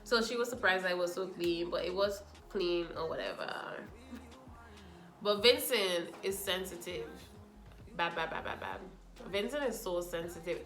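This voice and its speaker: A woman's voice: medium pitch, reverberant. A woman giving a casual, sassy review of a reality show, talking straight to the people on it. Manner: animated, sassy, talks to the cast directly.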